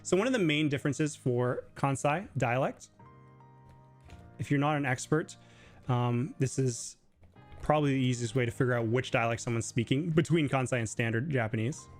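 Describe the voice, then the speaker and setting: A man's voice: mid-range voice, normal speed, soft background music. A man hosting a casual live Q&A stream, explaining Japanese in a chatty way full of filler words. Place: living in Japan.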